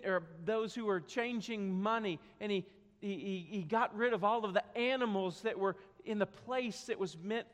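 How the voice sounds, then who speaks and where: A man preaching a sermon, telling a story with dramatic swings from quiet to loud, in a church sanctuary. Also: sits high. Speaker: pastor. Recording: long hall reverb.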